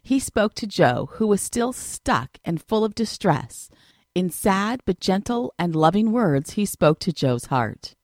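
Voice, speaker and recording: A woman's voice: medium pitch, very animated, unhurried, no room sound, clean studio sound. A woman narrating a devotional story and turning to the listener with questions. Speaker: reader.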